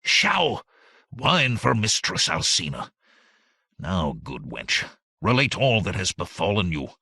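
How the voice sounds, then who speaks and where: A proud, short-tempered sorcerer with a sibilant hiss and a commanding edge, put on by a male audiobook narrator. The voice sits deep and swings through a wide range. It sounds close and dry, with no room echo. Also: big pitch swings, unhurried, slightly rough, heavily acted. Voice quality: sibilant, hissing. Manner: sharp, commanding.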